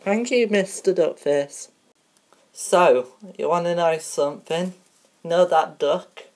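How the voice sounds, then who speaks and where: A woman's voice: on the low side, takes it slowly, a little mellow. A woman hosting a mock TV show in a playful, rambling way, teasing and sing-song, with plenty of filler sounds. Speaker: show host.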